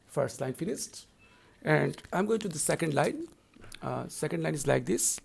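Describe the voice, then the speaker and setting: Gravelly-voiced male lecturer. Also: fairly high pitch, big pitch swings. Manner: deliberate, repetitive explaining, slows down to read verse lines. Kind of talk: recorded lecture.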